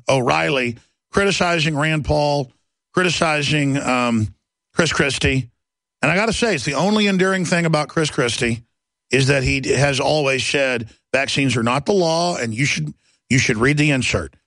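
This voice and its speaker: Man, talk show host, gravelly, fairly high voice, heated mocking rant, dry close sound. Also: moderate pace, no echo. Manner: loud, mocking, mimics others in shrill voices.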